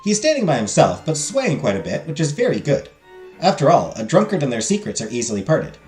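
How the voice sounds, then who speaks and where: Faint game music and a roomy echo surround a man narrating a story game on his stream, fairly quickly. His slightly high, darkish voice swoops wildly in pitch, and he plays around, laughing at the voices he performs.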